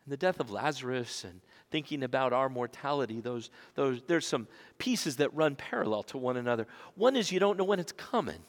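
Male pastor delivering a dramatic sermon with sharp dynamic swings, in a church with long reverb. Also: medium pitch, expressive, fairly quick, few pauses. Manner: dramatic swings from loud emphasis to hushed whispers. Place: church sanctuary.

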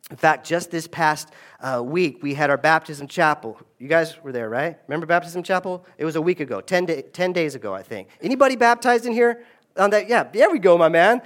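A man preaching in a church, his voice pitched a little high. He talks to the congregation in an easy, lively way and calls them to answer back. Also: brisk. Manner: lively, conversational preaching with call-and-response. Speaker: pastor. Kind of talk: sermon. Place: church sanctuary.

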